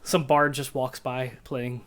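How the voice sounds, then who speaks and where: A man narrating a tabletop game as game master, describing scenes in a halting way with many fillers. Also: mid-range voice, flat delivery, fairly bright tone.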